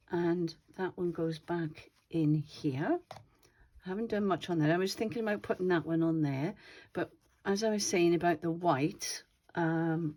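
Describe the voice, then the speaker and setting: A woman hosting her own craft channel, chatting casually and thinking aloud as she shows her slow-stitching pages. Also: on the low side, darkish tone. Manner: chatty, rambling, thinks aloud while handling materials.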